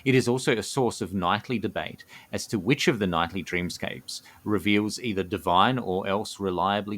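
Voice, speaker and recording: A man co-hosting a podcast, reading his written fantasy lore aloud, who is enthusiastic and given to excited outbursts. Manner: enthusiastic, bursts into excited high exclamations. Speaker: podcast co-host.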